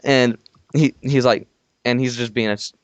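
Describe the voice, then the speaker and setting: A man's voice: mid-range voice, fairly even intonation, moderate pace, dry recording, lo-fi sound. A young man, a podcast co-host, telling a long rambling story in casual talk with many restarts, calling in from home. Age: young adult. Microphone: call-in from home.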